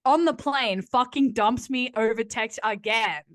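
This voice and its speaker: A woman's voice: fairly high pitch, unhurried, dry recording. Profane, storytelling young woman. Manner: profane, animated storytelling with quoted voices. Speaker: guest. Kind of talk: candid casual chat.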